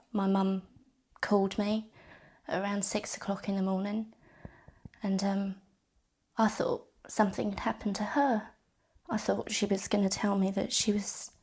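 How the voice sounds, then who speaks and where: A woman recounts her family's loss in an interview, her speech halting and full of restarts. Her voice is gravelly and stays flat in pitch, at a middle height for a woman. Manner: halting, with repeated words and restarts. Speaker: bereaved sister interviewed. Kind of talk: personal testimony interview.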